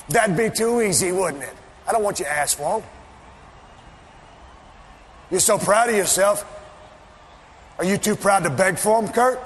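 A man cutting a wrestling promo, taunting and mocking, often shouting. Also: high voice. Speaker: pro wrestler. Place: arena. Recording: echoey arena audio with faint background noise.

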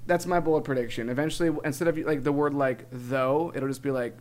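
A man's voice: medium pitch, fairly even intonation, fairly quick. A young man co-hosting a podcast, chatting casually through a spelling game, often laughing and exasperated. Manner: laughing, exasperated, says dude a lot. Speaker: podcast co-host.

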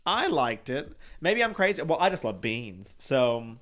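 A man's voice: mid-range voice, big pitch swings, measured pace, fairly bright tone. Male podcast co-host: campy, chatty and loose, heavy on fillers and swearing. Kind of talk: casual chat.

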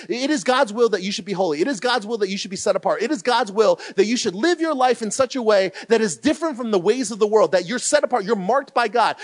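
A man preaching a sermon as pastor, emphatic and animated, with loud bursts when he reads scripture aloud. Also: high voice, fast, few pauses.

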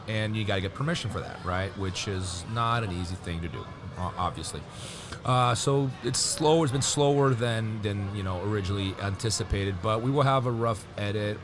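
A man's voice: on the low side, background noise. A man commentator talking into a headset, explaining at length in a rambling, thoughtful way. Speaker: guest, tournament commentator. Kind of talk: casual interview chat. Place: tournament venue table. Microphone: headset mic.

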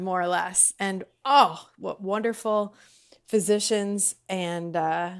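A woman's voice: mid-range voice, takes it slowly. Woman vlogger, casual heartfelt reflection to camera at home, rambly and sincere. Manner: warm, chatty, rambling with fillers. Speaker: vlogger sharing personal reflections. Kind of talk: casual heartfelt talk to viewers. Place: home, kitchen or dining table.

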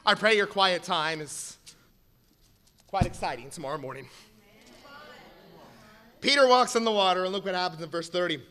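Bright, high-voiced man preaching a sermon. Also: moderate pace, pauses often. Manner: swings from quiet teaching to shouted exhortation.

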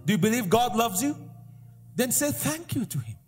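With a very high, husky, and very animated voice, a pastor preaches at a normal pace. He repeats emphatic declarations and calls for responses from the congregation, recorded live in an echoing hall with faint music.

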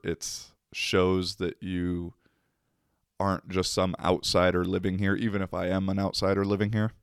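A man with a low, resonant voice tells a loose, rambling story to the camera. He laughs often and swears casually along the way. The recording is dry and close, with no room sound. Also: clear, resonant tone, no echo.

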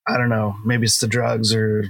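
A man's voice: on the low side, monotone, normal speed, gravelly, fairly bright tone, no echo. Rambling middle-aged man reviewing films. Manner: rambling, filler-heavy, laughs often. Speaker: podcast co-host. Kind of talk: casual film review chat.

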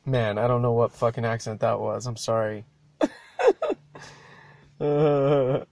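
Dude talking to himself on his podcast, slow, swears, trails off a lot, dead dry room. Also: medium pitch, vocal fry, darkish tone, dry recording. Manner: loose, profane, stop-start rambling. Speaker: podcast host. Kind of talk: rambling solo podcast chat.

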